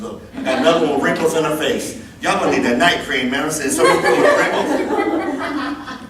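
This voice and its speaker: A man in his fifties running a live workplace safety training class, animated and joking as he demonstrates moves. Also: fairly high pitch, brisk, noisy background. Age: 50s. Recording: very echoey room, far mic, faint ambience.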